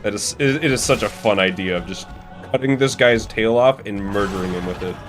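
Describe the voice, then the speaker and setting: A man's voice: fairly low pitch, a little fast, over music. A young man streaming a speedrun, talking casually over his gameplay, swearing and laughing at his own mistakes. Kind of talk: casual live gameplay commentary.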